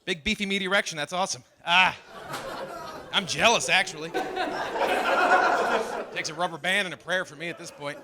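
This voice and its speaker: A man's voice: high voice, steady tone, brisk, pauses often, crowd noise, background noise. A middle-aged man doing a stand-up comedy set, acting out voices of his wife and son. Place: live comedy stage with audience. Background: audience laughter.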